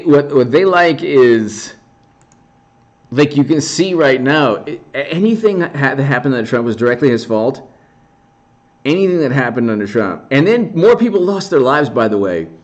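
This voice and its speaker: A man's voice: mid-range voice, highs cut off. A man giving rambling, sarcastic political commentary on a casual livestream, often restarting his sentences.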